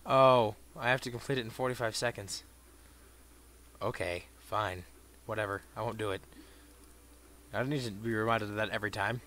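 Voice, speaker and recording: A man giving profane gameplay commentary, muttering dry asides and bursting into shouted insults at enemies. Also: mid-range voice, normal speed, pauses often, dry recording. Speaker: let's play gamer.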